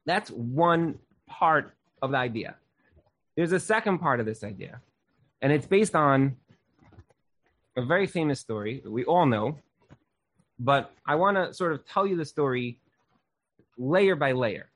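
A man's voice: on the high side, expressive, unhurried, long pauses, a bit bright. A young man teaching a Torah class in an earnest, casual way, often saying "like". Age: young adult.

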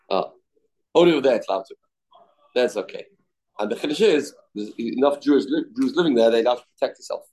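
A man's voice: a little mellow, poor audio. Man teaching a Talmud class. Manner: explains in English mixed with Aramaic and Hebrew quotes; acts out quoted voices with sudden pitch jumps.

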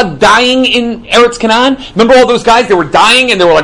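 A man teaching a live Torah class to a room of listeners, animated, with jokes and sarcastic asides. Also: extremely high pitch, a little fast, few pauses, poor audio.

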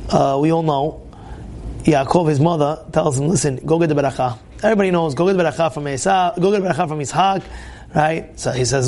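High raspy-ish guy explaining torah to young people, lots of uh and you know. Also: a little fast. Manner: animated, repetitive, many fillers and restarts. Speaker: Torah teacher.

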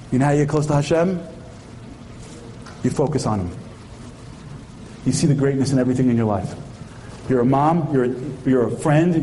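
A man's voice: mid-range voice, dark tone, slight background noise. A man giving an impassioned sermon-like speech at a memorial tribute, firing rhetorical questions at the audience and weaving in Hebrew terms.

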